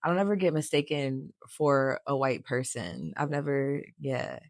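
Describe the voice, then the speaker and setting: A woman's voice: a bass voice, a little slow, no room sound, studio quality. A young woman co-hosting a casual podcast, blunt and joking, swearing freely. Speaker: podcast co-host.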